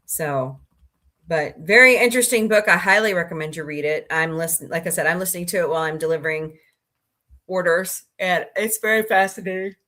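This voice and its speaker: A woman's voice: on the low side, fairly quick, bright, forceful tone. A woman hosting a casual livestream, chatting in a rambling way, sniffly, and greeting viewers by name. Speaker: livestream host.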